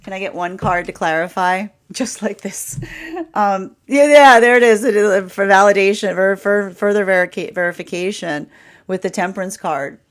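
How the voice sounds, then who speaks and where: This tarot reader, a woman with a medium-pitched voice at normal speed, gives a live reading. She rambles and repeats herself, sprinkling in lots of "right?" and "like," laughs often, and quotes the energy's voice.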